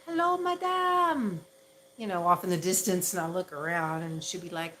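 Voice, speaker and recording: A woman's voice: on the low side, flat delivery, fast talker, fairly bright tone, poor audio. A woman from the Southern United States with a Southern accent, chatting casually on a livestream and laughing at herself often. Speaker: ASMR livestream host.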